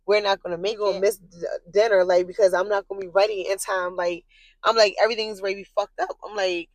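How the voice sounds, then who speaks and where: A young woman in a mid-pitched voice tells a storytime rant straight to her viewers, calling them y'all, swearing freely and lively throughout. Her voice rises into shrill outbursts as she relives her anger. The sound is close and dry, with no room around it. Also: fast talker, dry recording. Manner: animated, profane, addresses viewers as y'all. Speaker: vlogger.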